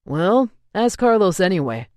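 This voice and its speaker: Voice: mid-range voice, very animated, a little slow, darkish tone, dry recording, clean studio sound, voice pushed up. A narrator voicing a blunt young man who manages a restaurant and swears casually, read in an audiobook. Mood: matter-of-fact.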